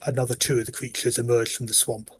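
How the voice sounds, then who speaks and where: A man acting as game master, narrating the end of a round and closing the session in an unhurried, encouraging way. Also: medium pitch, flat delivery, slightly rough.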